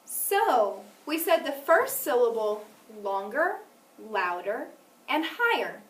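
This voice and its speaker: A woman teaching a phonics lesson, speaking clearly and deliberately and stressing each example word. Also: on the high side, sing-song. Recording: echoey room, mic at a distance.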